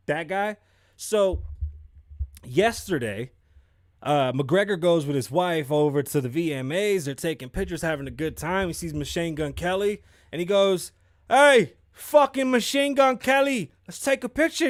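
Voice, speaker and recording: A young man hosting a podcast, giving animated, profane sports commentary and mocking people in put-on voices. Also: on the high side, normal speed, no echo, studio quality. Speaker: podcast host. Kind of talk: casual commentary.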